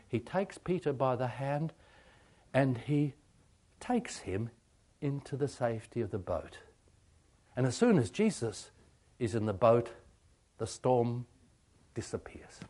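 A man preaching a sermon on meditation, halting with many ums and asking rhetorical questions. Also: medium pitch, dark tone. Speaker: pastor.

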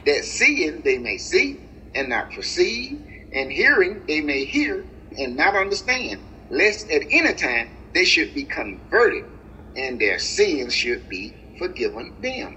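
A preacher delivering a sermon, drawing out scripture verses slowly and calling his listeners family and guys. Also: slight background noise, low-quality recording. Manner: animated, with swings of pitch and slow drawn-out scripture reading. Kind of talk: sermon, reading and explaining scripture.

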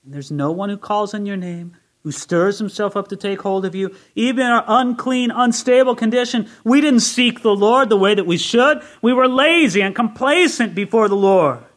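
A man preaching an expository sermon as a Bible teacher, earnest, moving between quiet and emphatic passages. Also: high voice, moderate pace, hardly any pauses.

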